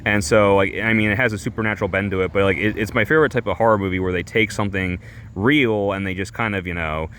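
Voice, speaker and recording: A man streamer telling a rambling comic story, halting and full of fillers and restarts. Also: lowish voice, fairly even intonation, a bit bright, slight background noise. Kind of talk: rambling comedic monologue.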